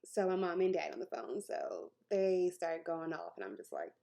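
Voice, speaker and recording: A woman's voice: fairly low pitch, very animated, moderate pace, gravelly, warm tone. A young woman tells a personal story to her camera in a loose, chatty way. She laughs often and slips into the voices of the people in her story. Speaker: vlogger telling her story. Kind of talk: casual storytime vlog.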